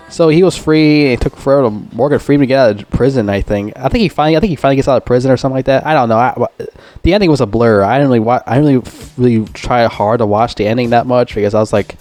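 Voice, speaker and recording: A man's voice: mid-range voice, quick pace, a little mellow, faint music behind. Man giving a profane, rambling film review. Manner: profane, rambling, heavy swearing and fillers.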